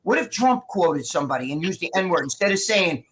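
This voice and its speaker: A man's voice: sits high, big pitch swings, a little fast, a bit bright, low-quality recording. A man on a video call, ranting casually, profane and rambling, acting out quotes. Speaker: guest. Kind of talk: casual political rant.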